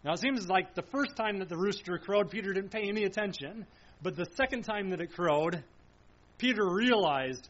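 Solemn high-voiced male preacher, lo-fi. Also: lively intonation, moderate pace, a bit bright. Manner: solemn, emphatic, repeating phrases and asking rhetorical questions. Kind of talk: sermon.

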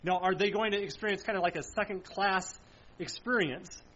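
A man's voice: high voice, moderate pace, fairly bright tone. A man preaching verse by verse, explaining scripture, asking questions and answering them himself, with firm emphasis. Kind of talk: verse-by-verse Bible teaching. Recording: dull lo-fi sound.

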